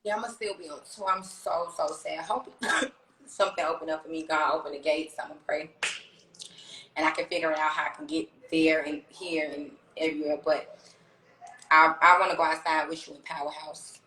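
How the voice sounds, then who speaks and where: Brash, animated woman with a bright voice. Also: low-pitched, moderate pace, reverberant, slight background noise, rough recording. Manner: brash, profane, animated storytelling. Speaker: rapper on tour, guest on a livestream. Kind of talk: casual livestream chat. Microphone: phone.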